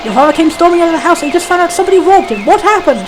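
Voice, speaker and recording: Fast-talking woman commenting on a game. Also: extremely high pitch, animated. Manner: chatty, comparing versions, swears casually. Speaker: let's play host. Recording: game music behind.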